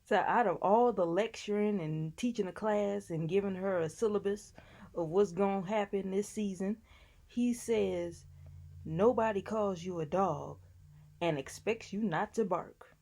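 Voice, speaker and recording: Female TV recap vlogger, casual and sassy, mid-pitched. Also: measured pace, darkish tone. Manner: sassy, chatty, talks back to people on the show.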